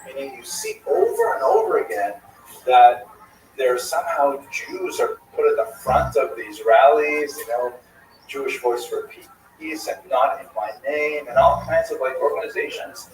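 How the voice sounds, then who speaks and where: A man hosting a livestream discussion in a casual, animated way. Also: medium pitch, moderate pace. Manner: animated, tells jokes. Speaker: livestream host. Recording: echoey room from far off, faint noise.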